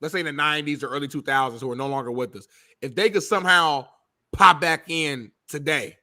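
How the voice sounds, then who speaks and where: A man's voice: on the high side, brisk, sharp tone, dry recording, clean studio sound. A man co-hosting a talk show, talking in a preachy, emphatic, slangy way. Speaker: co-host. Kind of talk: casual talk-show chat.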